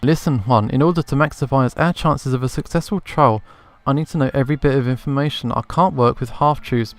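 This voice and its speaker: A man's voice: medium pitch, brisk, no room sound, faint music behind, close to an everyday voice. A man voicing a confident male falcon lawyer, speaking in stern, commanding legalese while reading game dialogue aloud. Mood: firm.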